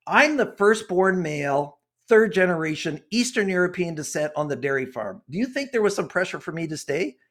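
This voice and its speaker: Brief: impassioned older man, sixties, high voice, preachy interview guest. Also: expressive, brisk, few pauses, fairly bright tone. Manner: impassioned, preachy, gets worked up. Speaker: guest author and consultant. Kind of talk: earnest interview talk.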